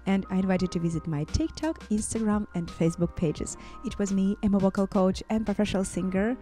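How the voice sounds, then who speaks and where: A woman's voice: mid-range voice, fairly quick, dark tone, faint music behind. A woman who is a vocal coach and singer, giving gushing, effusive song reaction commentary.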